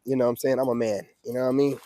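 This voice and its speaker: A man's voice: mid-range voice, flat delivery, very fast, dark tone, no room sound. A man hosting a casual livestream, giving streetwise dating advice in a preachy manner and reacting to viewer comments.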